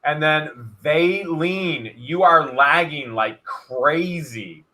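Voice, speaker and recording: On a live-streamed storage auction, the host speaks very slowly in a fairly high, pushed, bright voice. He's energetic, speaks directly to chat viewers, and repeats himself at times.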